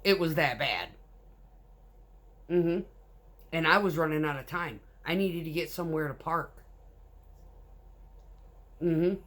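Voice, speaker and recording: A woman with a fairly low voice tells work stories in a blunt, casual way. She drives a concrete mixer truck and swears freely as she talks, keeping it loose and unpolished. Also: slow pace, pauses often, fairly bright tone. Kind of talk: casual storytelling.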